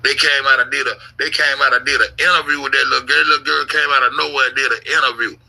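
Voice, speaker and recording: A man rambles through a long story on a casual stream, cursing constantly and repeating himself. His voice is bright and edgy but husky, and he drops into low grumbles before bursting out loud. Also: steady tone, quick pace, poor audio. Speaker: YouTube commentator.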